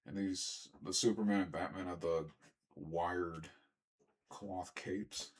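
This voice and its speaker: A young man with a very deep voice talks through a toy unboxing in a loose, rambling way. He keeps stopping to clear his throat and tacks on asides as he goes. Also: steady tone, slow pace. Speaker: toy reviewer. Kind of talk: casual unboxing review.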